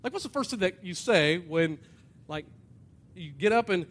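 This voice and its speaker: A man preaching a sermon in a church, animated, acting out voices and swinging from loud to hushed. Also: high-pitched, moderate pace. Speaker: pastor. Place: church hall with an audience.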